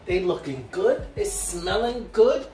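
A man's voice: high voice, lively intonation, slow, a little mellow. A man hosting a casual cooking video, chatty and teasing as he walks through the frying steps. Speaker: cooking show host. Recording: echoey room, mic at a distance, faint music.

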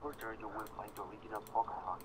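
A man's voice: on the low side, little pitch movement, very fast, a bit bright, slight background noise, natural voice. A man voicing a mumbling night-shift phone guide. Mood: droning. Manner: hard to understand, mumbling instructions. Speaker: in-game phone caller.

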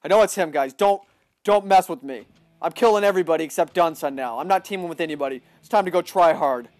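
A young man giving excitable live commentary on a shooter game, often yelling at opponents. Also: on the high side, quick pace, no room sound, faint music behind. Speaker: livestreaming gamer.

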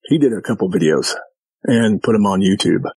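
A man's voice: fairly low pitch, normal speed, slightly rough, dry recording. A man guest telling his own encounter stories in a folksy, rambling way, acting out the voices of people he quotes. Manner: animated storyteller who acts out quoted dialogue. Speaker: podcast guest.

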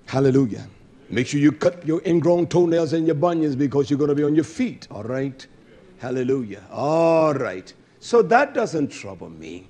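A man delivers a fervent, scolding sermon at a moderate pace, his expressive voice swinging between loud bursts and low murmurs as he calls out hallelujah.

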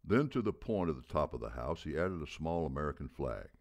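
A man with an extremely low, deep voice reads a story aloud. His narration is measured, and he slows down to land key details. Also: lively intonation, darkish tone.

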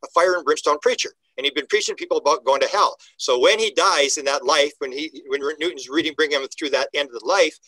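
Older male interview guest: bright, forceful delivery, animated storytelling. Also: on the high side, fast, few pauses, no room sound, rough recording. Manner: animated storyteller, acts out quoted dialogue, frequent restarts. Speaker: guest UFO researcher. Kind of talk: conversational podcast interview.

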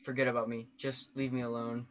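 A man's voice: mid-range voice, little pitch movement, brisk, a little hiss or hum, natural voice. A man reading a withdrawn, defensive young man in a game. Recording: dull lo-fi with faint game music.

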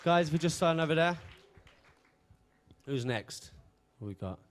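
A man's voice: on the high side, lively intonation, measured pace, slight background noise. A man emceeing a live beatbox event on stage, chatty and joking as he hypes the crowd. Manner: hyping the crowd, chatty and jokey. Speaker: event host.

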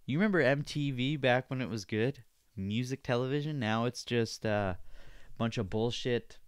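A man hosting a casual solo podcast, rambling with lots of swearing and sometimes putting on a high excited voice for his pet. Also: moderate pace, clear, resonant tone, no echo, studio quality. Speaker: podcast host.

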